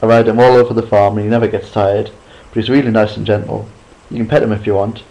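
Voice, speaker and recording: Man voicing a jock teen cousin, urgent, lowish voice. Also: steady tone, quick pace, creaky, muffled recording. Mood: proud. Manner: urgent, rising to shouts when hurt. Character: teenage boy cousin, sporty joker.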